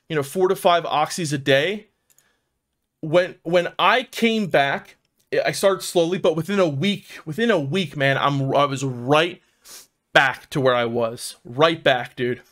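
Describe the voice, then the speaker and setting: Speaking a little slowly in a bright-ish, higher voice, a profane South Philly guy rambles through his own recovery story for his vlog. The storytelling is casual and personal, and he fills constantly with "man" and "dude."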